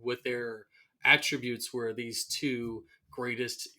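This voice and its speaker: A man's voice: mid-range voice, takes it slowly. Laughing man retelling scenes. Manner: animated storyteller, acts out quoted lines with laughter. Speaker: podcast co-host. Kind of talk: casual chat recapping a TV episode.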